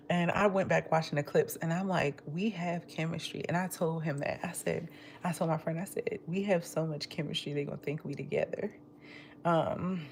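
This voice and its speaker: A woman's voice: lowish voice, gravelly, a little mellow, slight background noise. A woman livestreaming from home, telling gossipy stories in casual chat, acting out quotes and laughing often. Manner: laughs often while talking. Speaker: livestream vlogger. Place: at home, eating.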